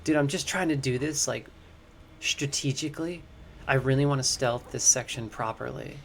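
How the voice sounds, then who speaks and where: A man with a bright, forceful voice streams a game live. He thinks aloud and talks to his chat all the way through. He gets loud and jumpy when something startles him. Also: mid-range voice, fairly even intonation, normal speed, gravelly, a little hiss or hum. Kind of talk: live gameplay commentary.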